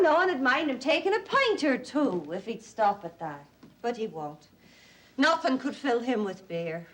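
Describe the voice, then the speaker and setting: An actress playing an anxious, long-suffering wife, coaxing and fretful. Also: female voice, fairly high pitch, a bit bright. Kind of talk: stage play acting.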